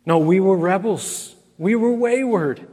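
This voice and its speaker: A man's voice: high-pitched, a little slow, warm tone, long reverb tail. A man preaching a sermon as pastor, earnest and emphatic, repeating key phrases and calling his listeners friends.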